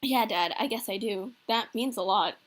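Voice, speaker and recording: Brief: woman voicing a mortified teen boy, exasperated, fairly high voice. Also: normal speed, fairly bright tone. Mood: flustered. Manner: flustered, exasperated. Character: embarrassed teenage boy, flustered and sarcastic.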